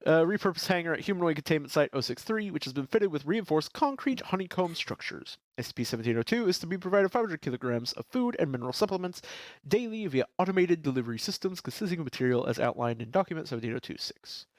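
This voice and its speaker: A man with a congested, stuffy voice co-hosts a podcast from his apartment, joking around and reading reports aloud with a few restarts. His voice sits a bit high and moves a lot. The sound is close and dry. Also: animated, fast, no room sound. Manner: joking, reads documents aloud with stumbles and restarts. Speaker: podcast co-host. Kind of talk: casual chat and reading aloud.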